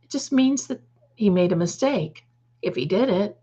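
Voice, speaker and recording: A woman's voice: medium pitch, animated, normal speed, warm tone, breathy edge, lo-fi sound. A woman hosting a casual livestream, reading the chat aloud, calling her viewers darling and adding snarky, opinionated asides. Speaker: livestream host.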